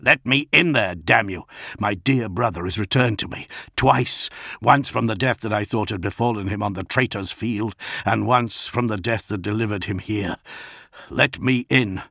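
A man's voice: fairly low pitch, moderate pace, creaky, a bit bright, no room sound, studio quality. A man voicing a commanding male warrior lord in an audiobook, speaking in a raised, urgent, pleading way. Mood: furious. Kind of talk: audiobook character voice.

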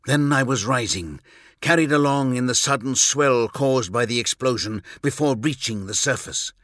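A male audiobook narrator telling a first-person story in a measured, intense way. His voice is bright and forceful, at a middle pitch. The sound is close and dry, with no room around it. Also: no echo.

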